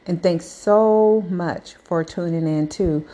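A woman podcast host telling a story in a casual, animated and sassy way. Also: fairly low pitch, slow.

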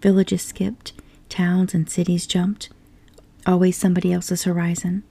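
Woman doing a giddy male storybook toad, murmured rapturously in whispered role-play, low and gravelly. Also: little pitch movement, a little slow, warm tone. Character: giddy, dreamy, boastful male toad, adult.

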